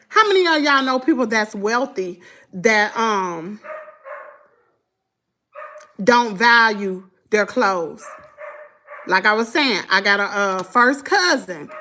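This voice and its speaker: High, lively Southern mother vlogging. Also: slight background noise. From Southern United States. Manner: animated, scolding and chatty. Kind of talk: casual chat to viewers while dressing her child.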